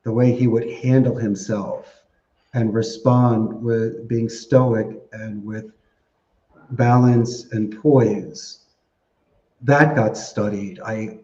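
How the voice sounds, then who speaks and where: Man with a low mellow voice, echoey. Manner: animated storyteller who laughs often. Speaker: podcast guest. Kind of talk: conversational interview answers. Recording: echoey, dull lo-fi sound.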